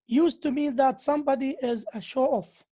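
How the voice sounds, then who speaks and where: A woman's voice: sits high, fairly even intonation, moderate pace, warm tone, slightly rough. A woman giving a university English lecture. She slips into to explain, and she acts out the example sentences with exaggerated intonation.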